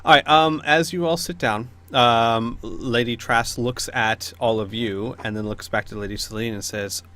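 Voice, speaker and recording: A man's voice: medium pitch, fairly even intonation, moderate pace, bright, forceful tone. A man narrating as game master, easygoing, with frequent filler sounds.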